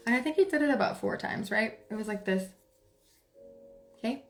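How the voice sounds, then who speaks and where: Woman spiritual reader, higher voice, loose chatty storyteller. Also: animated, normal speed, creaky, soft background music. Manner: chatty, many filler words, soft laughs. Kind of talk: casual storytelling to viewers.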